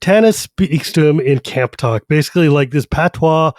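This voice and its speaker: With a voice on the high side and no echo, this podcast co-host excitedly walks through the plot of a fantasy novel. The book discussion is casual, and he slips in fast character voices.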